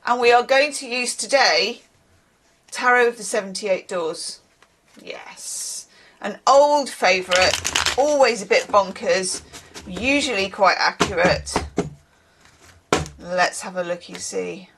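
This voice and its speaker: A woman's voice: medium pitch, slow, long pauses, background noise. A woman giving a casual, rambling tarot reading to her viewers, chatting and laughing as she goes. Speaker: tarot reader.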